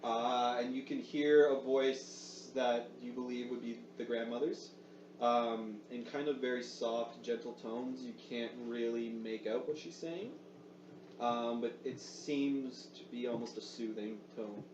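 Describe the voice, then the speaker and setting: A man's voice: mid-range voice, steady tone, measured pace. A man running a tabletop game as game master, narrating with many hesitations and fillers. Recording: echoey room, far mic, dull sound, noise.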